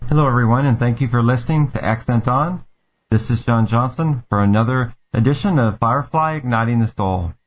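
Earnest man giving a calm monologue. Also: mid-range voice. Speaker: segment host. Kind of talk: reflective monologue. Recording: dull lo-fi sound.

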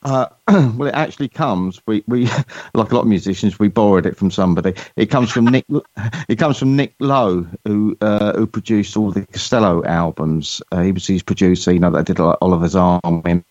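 A man from England with a British accent, a songwriter guest answering interview questions in a relaxed, hesitant way. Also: on the low side, normal speed, no room sound. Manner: relaxed, hesitant with fillers and restarts. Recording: dull lo-fi remote audio.

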